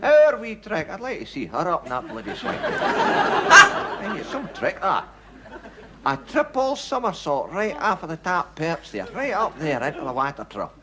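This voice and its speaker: A man's voice: on the high side, wildly swooping pitch, moderate pace, a loud crowd. An actor playing a grumpy, put-upon male pet parrot with a Scottish accent, muttering complaints about his owner. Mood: mocking. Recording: old TV sketch with loud studio audience laughter and noise.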